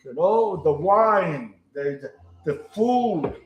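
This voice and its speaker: A man's voice: high-pitched, lively intonation, slow, echoey room, highs cut off. A man with an Italian accent, chatting casually and rambling in broken English while he cooks at home. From Italy. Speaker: home cooking show host. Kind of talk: casual cooking chat to camera.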